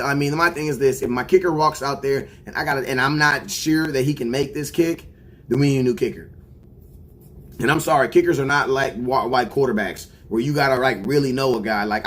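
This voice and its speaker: A young man on a livestream, ranting about football in a loose, slangy way. His voice sits a touch high for a man. He keeps slipping into little acted-out conversations. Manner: animated, slangy, acts out imagined conversations. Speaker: sports reaction streamer. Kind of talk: casual fan rant.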